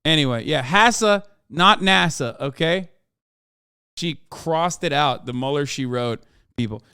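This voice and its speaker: A man's voice: mid-range voice, unhurried, fairly bright tone, clean tone, dry recording, studio quality. A man hosting a casual political reaction stream, sardonic and profane, mocking as he talks. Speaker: streamer host.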